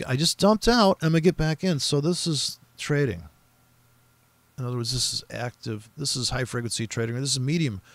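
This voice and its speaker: Gravelly man ranting about trades. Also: mid-range voice, no room sound. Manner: rambling, profane, mimics other traders in quoted voices. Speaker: forex trader streaming his trading. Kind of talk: profane casual trading commentary.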